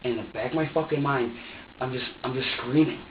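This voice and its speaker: A man's voice: mid-range voice, quick pace, slight background noise. A man being questioned by police, talking in an agitated, rambling, profane way. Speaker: interrogation suspect. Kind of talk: police interrogation. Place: police interview room. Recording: echoey, distant, muffled interview room recording.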